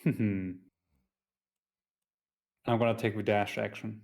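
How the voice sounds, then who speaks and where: A man's voice: fairly low pitch, fairly even intonation, takes it slowly, darkish tone. A man playing a tabletop game on stream, talking hesitantly with many ums. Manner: hesitant, many ums, mutters when he slips. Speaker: player.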